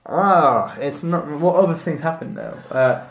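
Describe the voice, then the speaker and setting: A man's voice: a little high, measured pace, a little hiss or hum. A man co-hosting a podcast, talking casually with a rambling, hesitant delivery and many fillers. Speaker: podcast co-host. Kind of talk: casual chat. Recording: echoey room.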